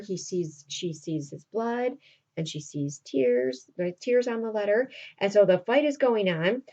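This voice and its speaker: Casual woman teacher, chatty play retelling with questions to the class; mellow tone, dull lo-fi recording. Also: mid-range voice.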